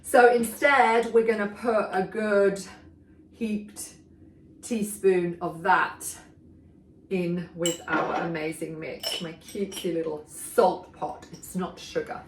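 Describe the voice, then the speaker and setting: A woman's voice: mid-range voice, slow, noisy background. Chatty woman cooking in an echoey kitchen. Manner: chatty, enthusiastic, talks while working. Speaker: cooking show host. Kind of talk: casual kitchen demonstration. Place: home kitchen. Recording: echoey kitchen, mic far off. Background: clattering dishes and pans.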